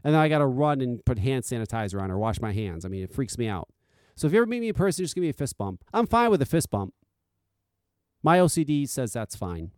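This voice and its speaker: Man, podcast host, casual solo rant, profane, blunt, animated pitch, dry close sound. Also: fast talker, no room sound. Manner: blunt and profane, swings between loud insistence and quiet confiding.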